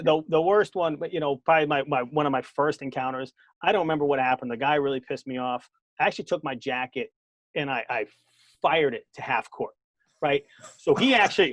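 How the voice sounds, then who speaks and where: A former basketball coach with a strong Boston accent chats as a guest on a podcast. His voice sits a bit high and he tells stories with animated energy, laughing and tripping over repeated words. The sound is dry and close. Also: dry recording. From Boston area. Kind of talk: casual podcast chat.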